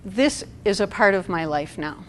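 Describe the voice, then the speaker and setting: A woman's voice: mid-range voice, animated, normal speed, a bit bright. A middle-aged woman giving a talk to an audience at a support event, conversational and asking the room questions.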